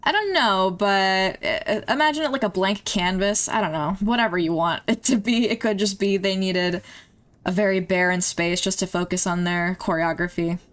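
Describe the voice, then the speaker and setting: A woman's voice: mid-range voice, normal speed. A young woman streaming, chatting casually and emotionally as she reacts to music videos, laughing and gasping along the way.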